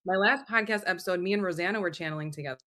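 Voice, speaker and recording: A woman's voice: fairly low pitch, rapid-fire, pushed and bright. A woman hosting a live channeling session over a video call, talking loosely and casually and swearing freely. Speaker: host and channeler. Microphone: video call mic.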